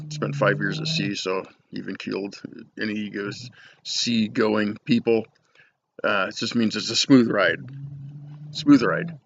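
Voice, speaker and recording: A man's voice: lowish voice, creaky, a bit bright. A middle-aged man chatting casually to camera as a cigar reviewer, rambling and joking at his own expense. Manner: rambling, jokey, self-deprecating. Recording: dull lo-fi home recording with faint noise.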